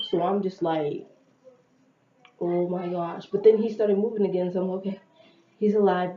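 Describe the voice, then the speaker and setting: A young woman casually retelling a personal story to her viewers, chatty and animated, with slang and quoted dialogue. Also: on the low side. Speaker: vlogger telling a story. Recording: echoey, dull lo-fi room with faint noise.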